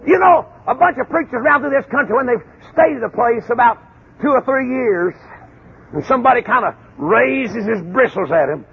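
A man preaching, husky voice, acting out voices and shouting now and then. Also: extremely high pitch, animated, moderate pace, a little hiss or hum. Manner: folksy, acts out voices and shouts. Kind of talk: folksy sermon storytelling. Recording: dull phone-like lo-fi recording.

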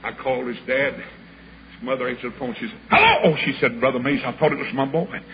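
A man's voice: medium pitch, steady tone, fairly quick. Male preacher, storytelling sermon, acts out voices, lo-fi hissy tape. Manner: folksy storyteller, acts out each voice, builds to shouts. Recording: dull lo-fi recording with clear background hiss.

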